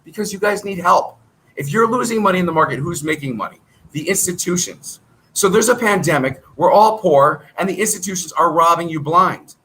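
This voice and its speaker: A middle-aged man talks straight to his audience about trading, his voice pitched high and ringing bright. He hammers the same points again and again, firing off questions and answering them himself. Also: fairly quick, a little hiss or hum, poor audio. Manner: emphatic, repetitive, rhetorical questions and answers. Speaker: stock trading channel host. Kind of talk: direct-to-camera trading talk.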